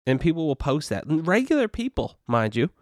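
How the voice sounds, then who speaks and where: A man's voice: a little high, sing-song, a little fast, dry recording, clean studio sound. A young adult man hosting a casual solo podcast, rambling and profane with constant "you know" and "dude" fillers. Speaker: podcast host.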